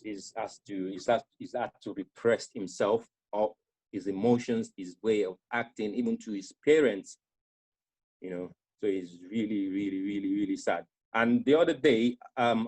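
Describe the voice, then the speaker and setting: A young man shares his own story on a panel. His voice sits on the low side, and he speaks earnestly, often stopping to restart his sentences. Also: darkish tone, slightly rough. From Nigeria. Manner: earnest and halting, with many restarts. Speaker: panel guest.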